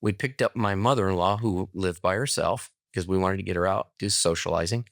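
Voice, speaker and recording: A middle-aged man appears as a podcast guest, casually recounting a personal story and acting out the dialogue with animation. His voice sits low and runs a little fast, captured in studio quality with no room sound.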